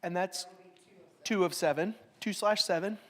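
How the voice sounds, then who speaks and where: A woman's voice: lowish voice, measured pace. A middle-aged woman teaching a Bible study class. She reads verses aloud with strong emphasis, then explains them in a casual, joking way.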